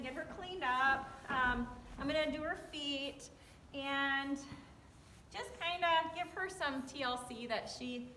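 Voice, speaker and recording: A woman vlogs casually from a horse barn, full of excitement and quick fillers. Her voice sits a little high. A faint hiss runs under the recording from a handheld camera. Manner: excited and chatty, many fillers. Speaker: horse owner vlogger. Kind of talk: casual vlog chat. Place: horse barn or yard, grooming a mare.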